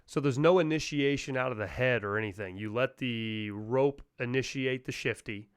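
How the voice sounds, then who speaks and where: A male host asks curious follow-up questions in an easy, casual manner. His voice is smooth and clean, with a middle pitch. It sounds close and dry. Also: normal speed, dry recording. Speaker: interview host. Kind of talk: casual interview.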